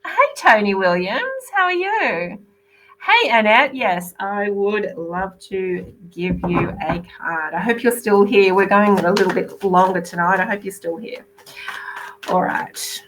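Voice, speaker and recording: An Australian woman doing a live oracle card reading, talking gently and reassuringly with many pauses and small laughs. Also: medium pitch, background noise. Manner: soft, gentle and reassuring, with frequent fillers and little laughs. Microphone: computer or phone mic on a live video call.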